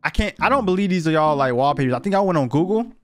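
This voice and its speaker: A young man reacts to viewer submissions in loose, slang-heavy talk, blunt and profane. His voice sits a bit high for a man and swings widely in pitch. Faint music plays under him. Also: animated, rapid-fire, fairly bright tone. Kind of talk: casual reaction commentary.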